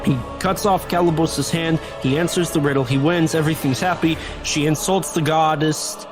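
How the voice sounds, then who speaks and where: A man's voice: on the high side, steady tone, moderate pace, music in the background. A man co-hosting a podcast, giving a rambling, jokey plot recap in casual chat. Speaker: podcast co-host.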